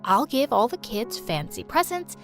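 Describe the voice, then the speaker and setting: A woman voicing a gentle, loving mother who speaks softly and soothingly. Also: a little high, big pitch swings, normal speed, faint music behind. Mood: tender. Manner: soft, soothing.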